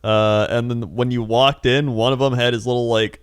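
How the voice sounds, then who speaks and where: A man's voice: mid-range voice, fairly even intonation, normal speed, clean tone, dry recording, studio quality. A man co-hosting a casual comedy podcast, telling rambling stories and laughing often. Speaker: podcast co-host.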